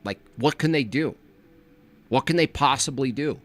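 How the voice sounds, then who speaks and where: A man's voice: mid-range voice, moderate pace. A man giving a comedic reaction commentary, joking and laughing often as he riffs.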